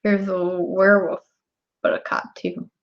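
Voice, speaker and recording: A woman's voice: medium pitch, flat delivery, measured pace. A young woman chatting casually with her viewers on a live stream, laughing often. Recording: dull lo-fi stream audio.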